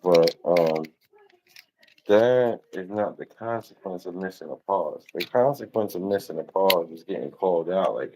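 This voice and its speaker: Male livestream host, deep unhurried voice, loose laughing storyteller who curses freely. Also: noisy background. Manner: laughs often, swears, rambling storytelling. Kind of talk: casual livestream chat.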